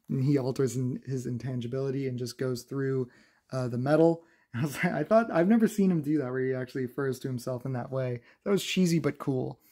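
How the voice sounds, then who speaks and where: A man recapping a comic book in a casual, chatty review, laughing often and filling pauses with "uh". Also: mid-range voice, mellow.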